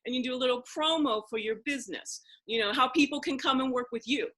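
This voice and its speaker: A woman from Philadelphia hosting a casual video-call conversation, talking in an excitable rush full of restarts and asides. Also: high voice, fast. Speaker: host.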